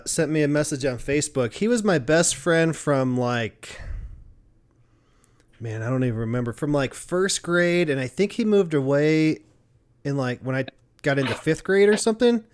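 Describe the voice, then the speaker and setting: A man's voice: on the high side, animated, a little slow. Laid-back hesitant podcast guy. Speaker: podcast co-host. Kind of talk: casual chat.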